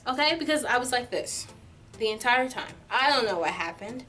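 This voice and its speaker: A young adult woman vlogger telling a storytime tale in an animated, filler-heavy way. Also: high-pitched, normal speed, distant mic. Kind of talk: storytime vlog.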